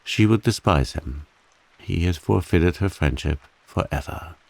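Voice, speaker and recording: A man calmly and softly reading a bedtime story aloud, meant to soothe listeners to sleep. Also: low voice, a little slow, creaky, no echo. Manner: calm, softly spoken. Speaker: audiobook narrator.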